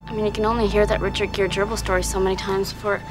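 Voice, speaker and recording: A woman's voice: medium pitch, little pitch movement, very fast, faint music behind, lightly acted. A woman speaking a line of film dialogue. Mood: wry.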